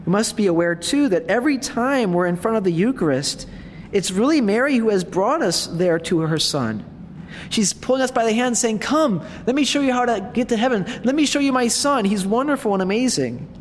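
A man preaching at a retreat in a conversational manner, with warm humor in his asides. His voice sits a little high for a man. The sound carries a long reverb, as in a large hall. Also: sing-song, a little fast, a little hiss or hum. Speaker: priest. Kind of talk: retreat talk.

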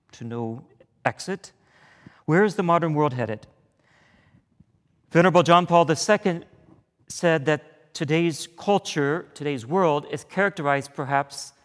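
A man leading a weekend retreat as a priest, praying and preaching in a deliberate, earnest way. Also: fairly high pitch. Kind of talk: retreat talk and prayer. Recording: echoey hall.

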